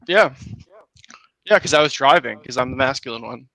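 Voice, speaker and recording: Bright-voiced laughing male stream host. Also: mid-range voice, lively intonation, normal speed, creaky, no room sound, low-quality recording. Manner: laughs often, easygoing. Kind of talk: casual chat.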